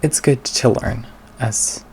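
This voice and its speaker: A young man chatting casually on his channel in a soft, hushed voice, sassy and irreverent, swearing freely. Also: mid-range voice, slow pace, slight background noise. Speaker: witchcraft content creator. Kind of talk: casual chat.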